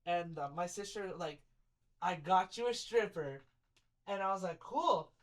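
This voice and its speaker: A man's voice: high voice, unhurried. A young man telling a rambling story on a casual chat podcast. He leans on filler words, acts out other people's lines and laughs often as he goes.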